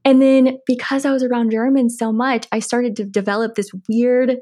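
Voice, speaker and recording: A woman's voice: a little high, level tone, normal speed, warm tone. A young woman with an American accent, a podcast guest chatting casually, often laughing and saying "like". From United States. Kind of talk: casual interview conversation.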